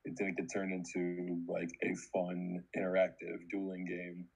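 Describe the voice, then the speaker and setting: A man chatting casually in a laid-back, musing way, with a husky voice. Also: low voice, completely flat delivery, unhurried, few pauses, darkish tone, low-quality recording. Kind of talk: casual group chat.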